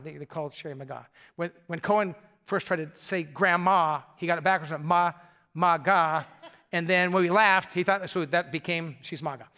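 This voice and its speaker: An older man, a grandfather, preaching a sermon in a conversational, storytelling way that often drops to soft, intimate tones. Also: high-pitched, fast. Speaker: pastor.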